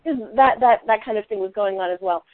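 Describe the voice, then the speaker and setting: A woman from Eastern Massachusetts speaks as an interview guest, animated and often restarting her sentences. Her voice comes through a thin, narrow phone line. The sound is dry, with no room around it. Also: medium pitch, fast, dry recording. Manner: animated, frequent restarts and laughter. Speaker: novelist guest. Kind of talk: conversational interview.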